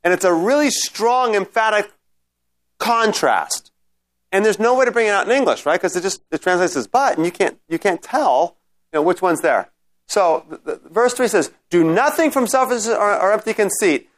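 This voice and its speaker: A man's voice: high voice, expressive, moderate pace. A man teaching a Bible study class in a conversational way, often checking in with his listeners and restarting his sentences.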